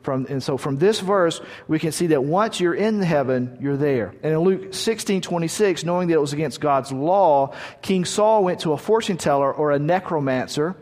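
In a hall with long reverb, a man with a slightly high, slightly mellow voice preaches a sermon at normal speed with few pauses. He reads scripture aloud and retells the stories conversationally, often restarting his sentences.

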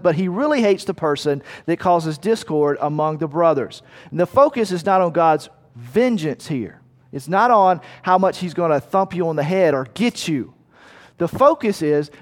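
A man's voice: sits high, in a large hall. A man preaching a sermon in a conversational way, asking his listeners rhetorical questions. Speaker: pastor.

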